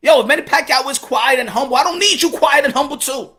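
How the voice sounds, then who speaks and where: A man with a New York accent hosting solo boxing commentary in an animated, profane, laughing casual style. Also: very high-pitched, fast.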